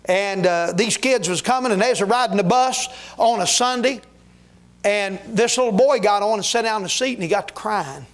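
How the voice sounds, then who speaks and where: A man's voice: high voice, moderate pace. A man preaching a fervent revival sermon in a church, exhorting his listeners and telling folksy stories along the way. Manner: folksy, exhorting, with storytelling asides. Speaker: guest preacher. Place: church sanctuary.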